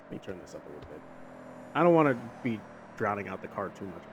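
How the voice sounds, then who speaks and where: A man's voice: fairly low pitch, fast. Rambling young man chatting over faint engine noise. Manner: rambling and conversational, with many restarts and fillers; talks about faith in a relaxed, earnest way. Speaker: gaming video host. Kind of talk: casual chat while playing a driving game. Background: faint car engine and road noise from a game.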